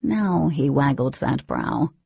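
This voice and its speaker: A woman narrating an audiobook in first person, with an expressive reading and a husky, creaky voice. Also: extremely low pitch, slow pace, no echo, muffled recording.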